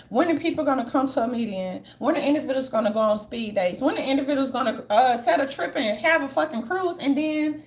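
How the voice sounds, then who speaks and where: Blunt high-pitched woman ranting. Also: expressive, fairly quick, few pauses. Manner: blunt, profane, mocking quoted voices. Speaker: commentary channel host. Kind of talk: casual opinion monologue.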